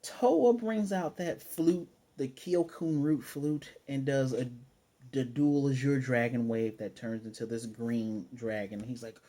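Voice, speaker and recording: Dude reviewing an anime ep, husky dark voice, hyped and slangy, cusses a lot. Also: male voice, mid-range voice, unhurried. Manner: excitable, slangy, swears, acts out scenes. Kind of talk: casual episode review.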